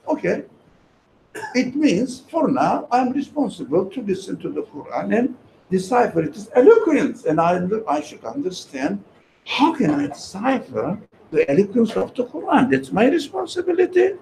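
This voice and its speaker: A man's voice: high voice, sing-song, normal speed, gravelly, a little mellow, a little hiss or hum. Emphatic man lecturing in an echoey room. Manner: emphatic, repeats key phrases, asks the audience questions. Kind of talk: lecture to a small group. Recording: echoey room with faint ambience.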